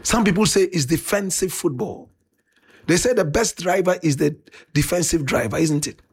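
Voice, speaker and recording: Fervent Ghanaian man with a gravelly voice. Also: on the high side, normal speed. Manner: fervent, dramatic, bursts into shouts. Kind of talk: impassioned preacher-style talk.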